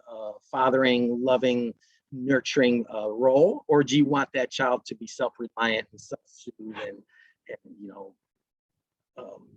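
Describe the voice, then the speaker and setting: A man with a husky, mid-pitched voice presents a parenting workshop in a dry, close recording. He talks to parents in a conversational way. Now and then he acts out brief lines a parent or child might say. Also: dry recording, lo-fi sound.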